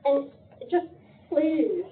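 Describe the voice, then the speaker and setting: A woman's voice: high voice, expressive, very slow, slight background noise. An older woman giving an emotional public comment at a county meeting, pleading with her voice breaking. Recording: echoey room, phone-like meeting audio.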